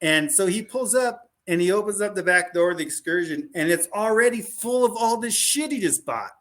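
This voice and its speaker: A man's voice: high voice, brisk. A man talking as a podcast guest, telling a casual story with lots of fillers and restarts. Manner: animated, rambling, full of "like" and restarts.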